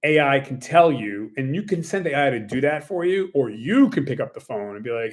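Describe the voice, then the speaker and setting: A man who runs a small tennis business, talking casually to his viewers in a rambling way, full of fillers and quick acted-out quotes. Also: mid-range voice, expressive. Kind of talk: casual talk to camera.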